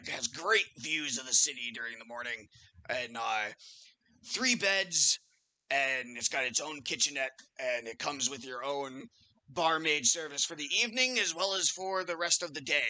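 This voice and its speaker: A man's voice: mid-range voice, moderate pace, sharp tone. A man voicing a cheeky, boastful male innkeeper with an eager salesman's patter, in a home tabletop game. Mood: sly.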